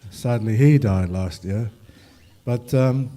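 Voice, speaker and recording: A man's voice: medium pitch, slow pace, warm tone. An older man telling rambling, humorous stories to an audience, with many fillers. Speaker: ragtime musician speaking at a festival. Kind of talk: anecdotal talk to an audience.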